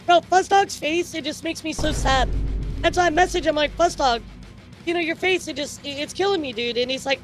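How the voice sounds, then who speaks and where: A woman's voice: high-pitched, a little fast, faint music behind. A woman hosting a live stream, talking casually to her chat, chatty and repetitive with frequent laughs. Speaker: streamer news host.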